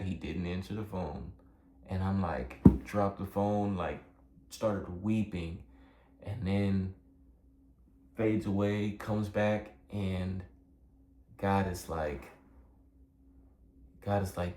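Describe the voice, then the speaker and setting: A man's voice: low-pitched, fairly even intonation, unhurried, a little mellow. A young man telling a personal story in a casual, rambling way, earnest and emotional, full of fillers. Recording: echoey room with faint background noise.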